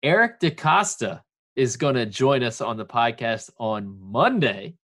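A man's voice: medium pitch, very animated, a little slow, sharp tone. A man co-hosting a casual sports podcast, chatty and playful, given to banter. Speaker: podcast co-host.

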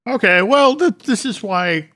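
A man's voice: high-pitched, lively intonation, a little slow, bright, forceful tone. A man hosting a podcast, chatting casually and reading a sponsor message. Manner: conversational, reads sponsor copy. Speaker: podcast host. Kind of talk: casual chat with ad reads.

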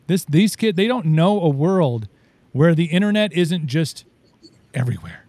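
A man chatting casually as a talk show host, telling stories in an animated way and acting out the quotes. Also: fairly high pitch, normal speed, no room sound. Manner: animated storyteller, acts out quotes. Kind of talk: casual chat.

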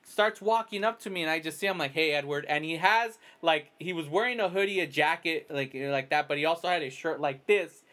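A man's voice: fairly high pitch, a little fast, few pauses, a bit bright. A man hosting a podcast in casual chat, rambling through a long personal story and acting out his own quoted remarks. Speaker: podcast host.

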